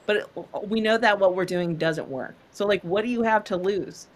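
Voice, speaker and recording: A woman's voice: medium pitch, moderate pace. Earnest, encouraging woman podcast host. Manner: earnest, encouraging, laughs easily. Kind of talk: casual chat.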